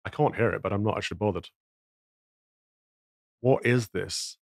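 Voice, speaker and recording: Guy ranting about a headline, lowish voice, dry close sound. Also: normal speed, vocal fry, no room sound. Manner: indignant, moralizing, rhetorical questions. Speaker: podcast commentator. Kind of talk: opinion commentary on clips.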